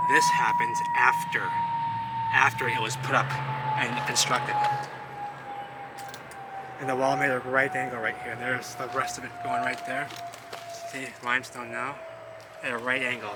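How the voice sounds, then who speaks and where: A man vlogging outdoors among rubble, rambling excitedly and talking straight to his viewers as he points things out. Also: mid-range voice. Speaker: vlogger exploring ruins. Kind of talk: casual walk-and-talk commentary. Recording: loud outdoor traffic noise.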